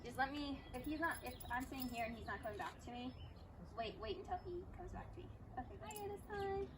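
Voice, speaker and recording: Very high sing-song woman praising dog. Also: animated, fast talker, distant mic. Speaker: training helper. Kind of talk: praising a dog during training. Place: outdoor yard. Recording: loud outdoor background noise.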